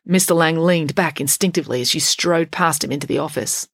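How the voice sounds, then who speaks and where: A woman narrating a children's storybook with a wry, expressive reading. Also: low-pitched, a little fast, no room sound, clean studio sound.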